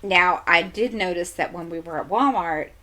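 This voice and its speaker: A woman's voice: lowish voice, normal speed, bright, forceful tone. A middle-aged woman hosting a crafting channel, chatting casually at home into a desk microphone and telling a long, exasperated story full of asides. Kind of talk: casual chat.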